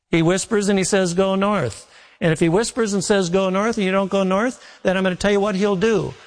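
Folksy preacher in an echoing hall. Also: male voice, fairly high pitch. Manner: folksy storytelling preacher, acts out quotes. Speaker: pastor. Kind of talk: sermon.

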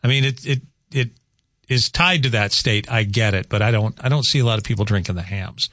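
A man's voice: lowish voice, brisk, pushed and bright, no room sound, clean studio sound. Chatty rambling radio host man. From North Dakota. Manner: chatty, rambling, jokey with filler words. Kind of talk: casual radio chat. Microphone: studio microphone.

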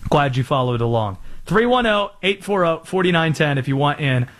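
A sports talk radio host from North Carolina talks in a chatty, self-aware way. His voice sits high and moves a lot in pitch. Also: lively intonation, normal speed.

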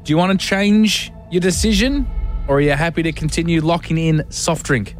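A man's voice: on the high side, normal speed, soft background music. A man hosting a radio phone-in game, teasing callers in casual banter. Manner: jokey, teasing. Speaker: radio host.

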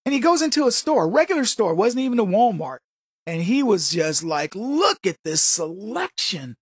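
Animated sarcastic male radio host. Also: high voice, a little fast, dry recording, studio quality. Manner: animated, sarcastic rhetorical questions. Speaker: radio talk show host. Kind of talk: opinionated radio monologue.

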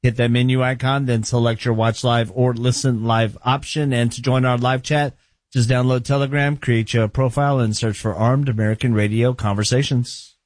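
A man's voice: medium pitch, fairly even intonation, moderate pace, dry recording. A man working as producer on a live talk radio show, laid-back and matter-of-fact. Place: radio studio.

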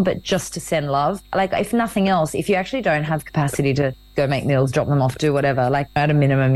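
A woman guest and author talking in a casual interview, earnest and warm, often acting out quoted dialogue. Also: deep voice, fairly quick, few pauses, no echo, poor audio.

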